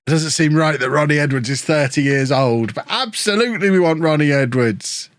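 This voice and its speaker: A man live-streaming a football management game, chatting with viewers and reacting excitedly to the match. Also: mid-range voice, moderate pace, no room sound, studio quality. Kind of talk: casual live-stream commentary.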